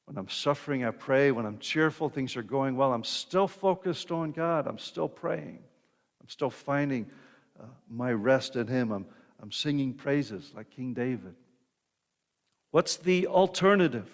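A man's voice: medium pitch, animated, a little slow. A man preaching a sermon in a conversational way, often checking in with the congregation and repeating words as he goes. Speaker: pastor. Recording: long reverb of a hall.

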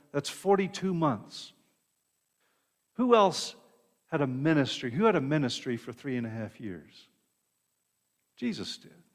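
A man preaching a sermon, retelling a Bible story in a conversational way with asides and restarts. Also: a little high. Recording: long reverb of a hall.

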